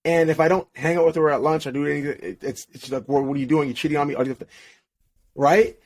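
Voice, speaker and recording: A man's voice: on the high side, fairly even intonation, fast talker, a little mellow. A young man, a podcast guest, telling a personal story in casual slangy talk. He laughs often and restarts his sentences. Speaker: podcast guest, relationship coach.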